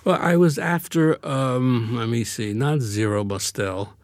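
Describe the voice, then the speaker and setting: A man's voice: mid-range voice, unhurried, no echo. An older man from Brooklyn talks with a wry, reflective humor as an interview guest. The sound is dry and close to the mic. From Brooklyn, USA. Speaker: guest author. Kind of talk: casual interview conversation.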